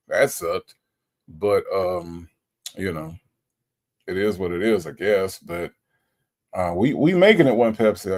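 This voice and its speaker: Reading viewer comments aloud, a livestream host from Florida keeps things laid-back, chatty and playful, often repeating himself. His lowish voice is creaky and a little mellow.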